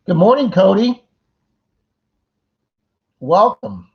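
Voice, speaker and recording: A man's voice: high voice, big pitch swings, slow, creaky. A middle-aged man hosting a casual livestream chat, greeting viewers by name and rambling through jokey asides. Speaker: livestream host. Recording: dull lo-fi stream audio.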